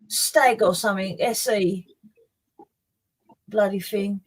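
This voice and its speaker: A woman's voice: fairly high pitch, steady tone, a little slow, poor audio. A woman chatting casually and reminiscing, easily amused. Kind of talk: casual chat.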